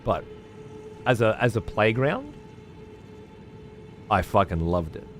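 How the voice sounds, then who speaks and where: A man's voice: on the low side, sing-song, slow pace, faint music behind. A man, chatting casually on a live stream as he reads out viewer messages, laid-back and swearing freely. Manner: laid-back, swears freely, uses slang like mate and cunt. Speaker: streamer reading chat.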